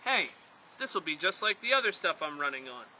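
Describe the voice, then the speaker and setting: A man's voice: fairly high pitch, a little fast, a little hiss or hum, exaggerated voice, poor audio. A man doing wide-eyed naive first man. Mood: puzzled. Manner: excited, puzzled, childlike wonder.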